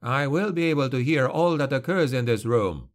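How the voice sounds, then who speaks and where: A man voicing a young male noble in an audiobook, speaking higher and louder with earnest emotion. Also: lively intonation, moderate pace, lightly acted. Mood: pleading. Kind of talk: audiobook character voice.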